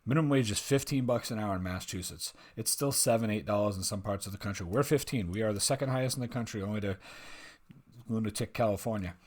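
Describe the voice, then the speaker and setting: A man's voice: lowish voice, fast, darkish tone. A man hosting a reaction video, giving blunt, rambling opinions and swearing freely. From United States. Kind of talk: casual opinionated reaction commentary.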